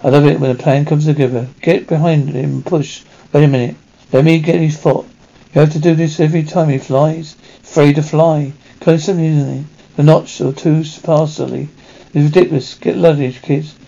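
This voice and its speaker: A man acting in a 1980s TV action drama, trading brisk, gruff banter, heard on a dull lo-fi TV soundtrack. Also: a little high, steady tone, mellow. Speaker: TV actor.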